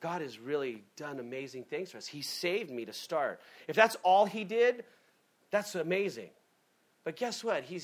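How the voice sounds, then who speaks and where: A man preaching a sermon in a lively, conversational way, often breaking off and restarting his sentences. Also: fairly high pitch. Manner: animated, conversational, self-interrupting. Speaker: pastor.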